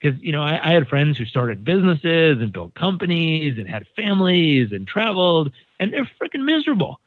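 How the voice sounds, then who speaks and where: A San Diego man, a guest on a podcast, tells a casual story and animatedly acts out the voices of the people in it. His voice sits fairly high and moves at a moderate pace. The recording is dry with no room sound and has a narrow, phone-like quality.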